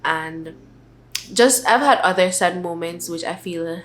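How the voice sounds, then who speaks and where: A young woman vlogger in a casual sit-down chat, talking softly and rambling with many filler words. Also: fairly low pitch, a little slow.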